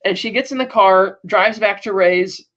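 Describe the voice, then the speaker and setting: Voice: medium pitch, moderate pace, fairly bright tone, highs cut off. A podcast co-host casually recapping a TV episode, rambling with restarts and acting out quoted lines.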